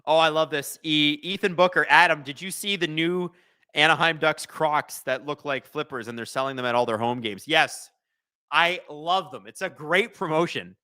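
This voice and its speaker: Slightly high and clean in tone, this man's voice moves at a normal speed as he hosts a live watch-along stream. He comments on the game, cracks jokes, and reads viewers' chat messages aloud, staying excitable throughout.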